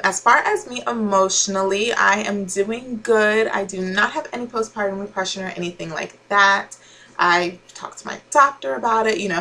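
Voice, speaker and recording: A woman's voice: medium pitch, vocal fry, pushed and bright, rough recording. A young woman chatting casually to camera as a vlogger, with frequent laughs and fillers.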